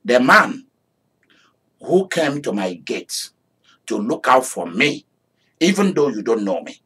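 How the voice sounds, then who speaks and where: A grateful king speaks low and hushed, as a man puts him on in the middle of a sermon. His words come slowly and solemnly. The voice has a faint huskiness. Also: very animated, breathy edge, full character voice. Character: grateful male king, regal and warm.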